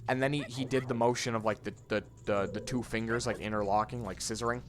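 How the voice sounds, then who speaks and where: A man's voice: mid-range voice, fairly even intonation, fast talker. A young man telling a rambling school story with many restarts and casual swearing while playing a game. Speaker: let's play co-host. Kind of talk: casual gaming chat, storytelling.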